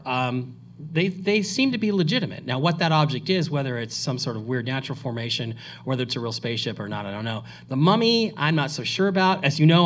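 A man speaking at a conference and taking audience questions, rambling and animated, often restarting his sentences. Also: mid-range voice, a little hiss or hum. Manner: rambling, animated, self-correcting. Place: lecture hall.

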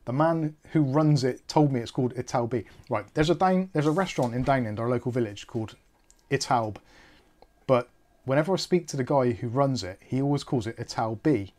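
A man's voice: medium pitch, fairly quick, darkish tone. Chatty man hosting a tech stream. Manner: rambling, jokey, self-correcting. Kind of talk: live-stream chat.

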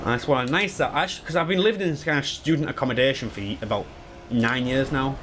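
A man in his twenties chatting casually and excitedly while playing through a game, swearing freely and wandering into asides. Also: medium pitch, fast talker, a little hiss or hum. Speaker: gaming YouTuber. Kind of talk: live speedrun commentary.

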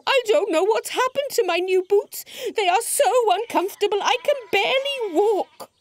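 A woman voicing an excitable young male dinosaur in a storybook cartoon who squeals and wails in a high voice. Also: measured pace, no echo, full character voice. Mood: upset.

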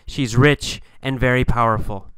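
A man's voice: mid-range voice, fairly even intonation, a little slow, fairly bright tone, smooth, dry recording, voice pushed down, lightly acted. A man playing a blunt, tough soldier. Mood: curt.

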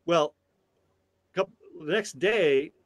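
A man in his sixties, a tai chi teacher and interview guest, telling a story in an animated, halting way with frequent restarts. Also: on the high side, no room sound.

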